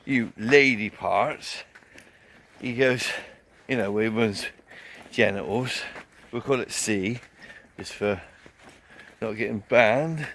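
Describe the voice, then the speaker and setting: A man's voice: fairly low pitch, slow pace, pauses often, fairly bright tone, a little hiss or hum. A man vlogging a casual, rambling festival review, swearing often and telling a story full of fillers.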